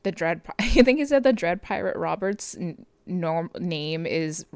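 A woman's voice: fairly low pitch, animated, unhurried, darkish tone, smooth, no echo. A woman hosting a podcast late at night, recapping a movie in casual chat, often giggling and rambling with many fillers. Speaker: podcast host.

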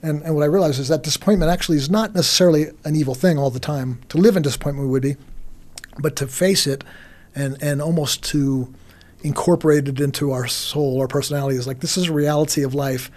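A man, a pastor, talking reflectively on a podcast in an earnest, halting way with many restarts. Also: fairly high pitch, darkish tone.

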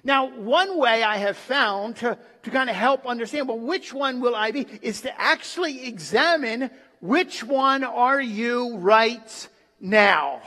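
Male preacher, slow and dramatic delivery, sermon in a reverberant sanctuary. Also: very high-pitched, pushed and bright. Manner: dramatic, with pauses and acted quotes. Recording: long reverb of a large hall.

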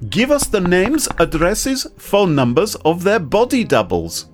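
A scornful tweeter spoken in a slow, exaggerated mock German accent, as a man puts it on for laughs. The voice sits higher than his own and takes its time. Faint music runs underneath. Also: very animated, full character voice.

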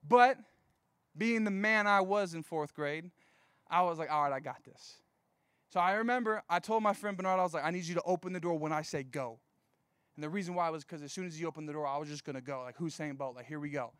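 A young man preaching a casual storytelling sermon, animated and full of "like" fillers. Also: on the high side, fast, clean tone, no echo, clean studio sound.

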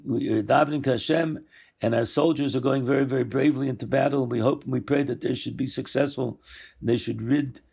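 Gravelly-voiced man teaching Torah. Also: mid-range voice, a little mellow. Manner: discursive, self-correcting, acts out quoted lines. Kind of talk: weekly Torah lesson.

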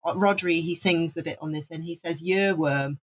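Husky-voiced woman from Wales chatting. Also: fairly low pitch, steady tone, a little fast. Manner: enthusiastic, rambling with restarts. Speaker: podcast co-host. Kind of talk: casual chat.

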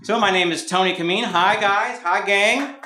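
A stand-up comedian from Mountain View, California, with a high-pitched voice and moderate pace, performs a rambling, self-mocking set on a club stage for a live audience. The live club recording sounds roomy and carries background noise.

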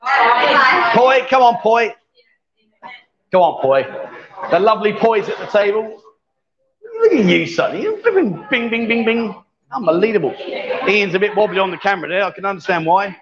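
Jokey man, high voice, busy bar. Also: expressive, moderate pace, pauses often, highs cut off, a crowd in the background. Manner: jokey, chatty, bantering. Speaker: livestream host. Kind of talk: casual live-stream chat. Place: busy bar with a pool table.

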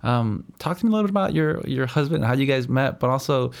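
A man's voice: medium pitch, expressive, quick pace, creaky, clear, resonant tone. A man hosting an interview who asks long, rambling questions and checks in with "right?". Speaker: interviewer, host. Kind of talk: casual interview chat.

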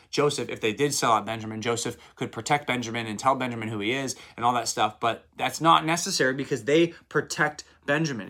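Guy doing a laid-back bible devotional, medium voice, retells the story like he's chatting. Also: mid-range voice. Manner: retells scripture in lively paraphrase with acted quotes. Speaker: Bible teacher. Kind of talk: casual Bible devotional teaching.

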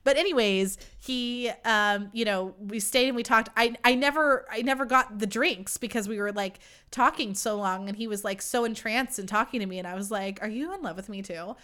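A woman's voice: a little high, normal speed, hardly any pauses, bright, forceful tone, clear, resonant tone. A young woman hosting a podcast, telling a story in a chatty, casual way, full of "like" and swearing. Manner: chatty, swearing, heavy use of "like". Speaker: podcast host.

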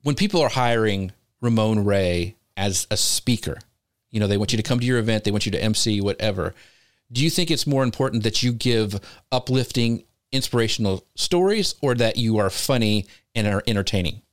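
A man's voice: lowish voice, lively intonation, a little fast, no room sound, studio quality. A man co-hosting a live show, asking questions in a rambling way with restarts. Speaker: co-host. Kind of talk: casual interview questions.

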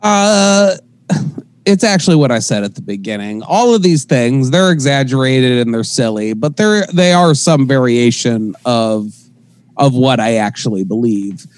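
A man talking casually on a podcast, animated and profane, laughing often. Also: mid-range voice, unhurried, poor audio.

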